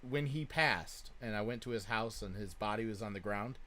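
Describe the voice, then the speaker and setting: A man in his thirties, telling a story in casual chat, with frequent swearing and loud bursts of laughter. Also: lowish voice, moderate pace, a little hiss or hum. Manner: swears a lot and laughs loudly. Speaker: streamer.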